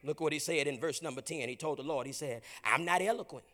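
A male pastor preaching a sermon to a congregation, calling for responses and building to shouts. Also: on the high side, steady tone, fast. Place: church with congregation.

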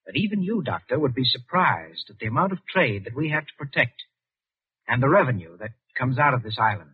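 A self-important colonial official in a 1940s radio play, confiding and smug, brushing off questions with a chuckle. His voice is husky and dry. The sound is thin and tinny, like an old broadcast heard over a phone line. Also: medium pitch, sing-song, a little fast, no room sound. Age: young adult. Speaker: British residency official.

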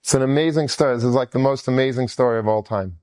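A man telling an inspirational story in an animated, enthusiastic way, often repeating himself. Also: medium pitch, fast talker, no echo. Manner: animated, repetitive, enthusiastic retelling.

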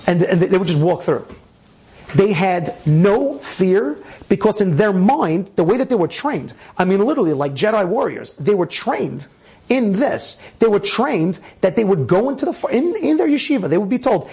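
A man telling a story casually, animated, with frequent restarts and laughter. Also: high-pitched, normal speed.

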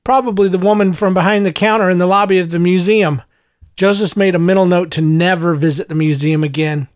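Male storyteller, fairly high voice, dry close sound. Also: fairly even intonation, fairly quick, dry recording. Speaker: narrator. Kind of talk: audiobook narration.

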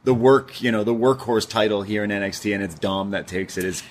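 Man, podcast co-host, relaxed opinions, lower voice. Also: fairly quick. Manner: relaxed agreeing replies and opinions. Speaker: wrestling show reviewer. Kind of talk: casual podcast chat.

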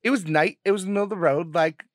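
A man's voice: sits high, racing, dry recording, studio quality. A young man in his twenties, co-hosting a podcast, telling stories in a casual chat, swearing freely and acting out the quotes. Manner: swears freely, animated retelling with voiced quotes. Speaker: podcast co-host.

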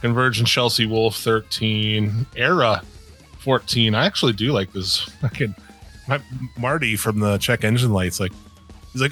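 A man's voice: on the low side, moderate pace, a bit bright, husky, soft background music. A man co-hosting a podcast in casual chat, blunt and opinionated, swearing often. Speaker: podcast co-host.

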